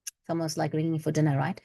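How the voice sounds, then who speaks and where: A woman's voice: low-pitched, level tone, brisk, vocal fry, mellow. Chatty woman hosting a spiritual vlog. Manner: chatty and meandering, with many restarts and asides; breaks into flowing chanted syllables. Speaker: spiritual channel host. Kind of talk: casual spiritual vlog with chanted light language.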